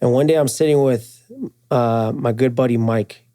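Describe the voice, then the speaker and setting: A man's voice: medium pitch, steady tone, normal speed, dark tone. A man being interviewed at a trade show, telling stories in casual slang with fillers and swearing, acting out quoted friends in a raised voice. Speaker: guest, firearms and jiu-jitsu instructor.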